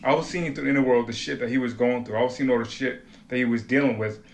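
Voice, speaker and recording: A man's voice: medium pitch, fairly even intonation, fast talker, creaky, a little hiss or hum. A man from Rhode Island, rambling in a blunt, profane, confessional monologue to camera. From Rhode Island, USA. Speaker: vlogger.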